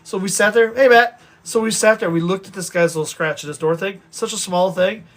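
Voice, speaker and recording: A man telling stories from his own past to his viewers in an animated, rambling way, often restarting his sentences. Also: high voice, a little fast. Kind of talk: casual storytelling to viewers.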